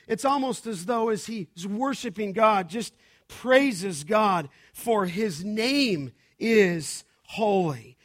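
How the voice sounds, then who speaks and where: Slow, high-voiced preaching man. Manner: slow, emphatic preaching that swells to loud declarations. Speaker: pastor. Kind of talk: sermon.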